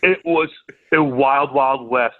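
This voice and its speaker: A man telling a profane, animated story as a podcast guest. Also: mid-range voice, slow, dry recording, phone-quality sound. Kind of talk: casual storytelling.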